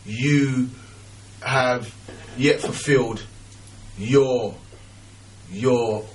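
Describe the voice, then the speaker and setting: Earnest halting man on radio. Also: medium pitch. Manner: earnest, encouraging, halting with repeated words. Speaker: radio guest, maths teacher. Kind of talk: casual radio chat.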